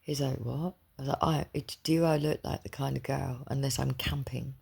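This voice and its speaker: Gravelly, husky-voiced woman rambling. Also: a bass voice, fairly even intonation, normal speed, darkish tone. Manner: chatty, digressive, confiding. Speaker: spiritual reader. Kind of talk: rambling personal storytelling.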